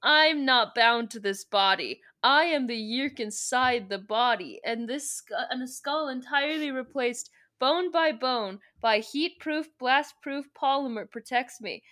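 A woman's voice: on the high side, very animated, brisk, few pauses, bright, forceful tone. A woman doing a sneering female villain. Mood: taunting.

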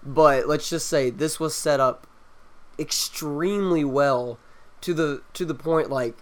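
A young man recounting a story in casual chat with friends, relaxed and quoting what others said. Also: fairly high pitch, slow. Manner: relaxed storytelling with quoted dialogue. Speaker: co-host.

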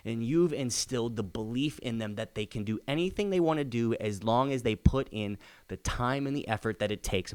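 A man who is a father and hosts a podcast, talking alone with emphatic repetition and stretches of rising, excited urging. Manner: earnest, emphatic, repeats key phrases; builds to excited high-pitched urging. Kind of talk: motivational solo podcast talk.

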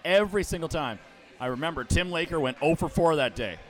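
A man's voice: a little high, fast talker. Storytelling canadian guy. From Ottawa, Canada. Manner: animated storyteller, acts out quotes loudly. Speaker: podcast host. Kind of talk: casual chat, storytelling.

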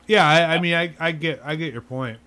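A man in his thirties co-hosting a casual video game chat, relaxed with loose fillers. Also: a little high, brisk. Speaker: podcast co-host.

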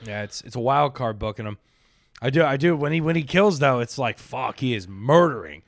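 A man stand-up comic in casual podcast chat, telling stories with loud acted-out quotes and frequent laughs. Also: mid-range voice, lively intonation, fairly quick, no room sound, clean studio sound.

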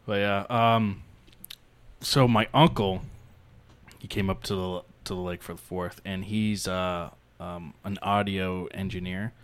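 A man's voice: low voice, unhurried, smooth, no room sound. A young man co-hosting a podcast, telling stories in casual chat, swearing freely and acting out what people said. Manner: animated storyteller, swears a lot, acts out quotes. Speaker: podcast co-host.

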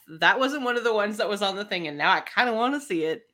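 Bright, playful woman co-host. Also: medium pitch, animated, fast. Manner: enthusiastic, giggly, playful. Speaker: podcast co-host. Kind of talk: casual chat.

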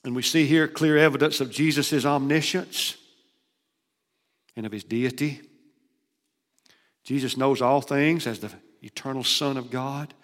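Emphatic preacher in reverberant hall. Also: male voice, medium pitch, fairly even intonation, unhurried, long pauses. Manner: emphatic, swings between loud declarations and hushed asides. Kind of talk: sermon.

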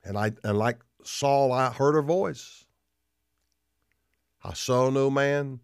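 A male pastor preaching a sermon emphatically, repeating phrases and pausing for dramatic effect. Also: mid-range voice, smooth, no echo, studio quality.

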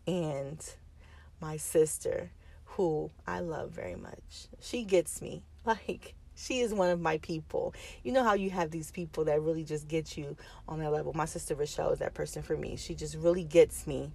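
A woman's voice: low-pitched, normal speed, creaky. A woman in her thirties from the United States, telling a personal story in a chatty vlog style with lots of fillers and restarts. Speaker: vlogger.

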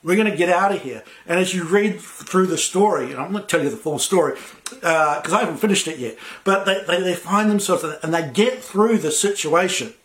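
A man's voice: sits high, a little fast, a bit bright. A man preaching a sermon as pastor, talking conversationally with many fillers and restarts.

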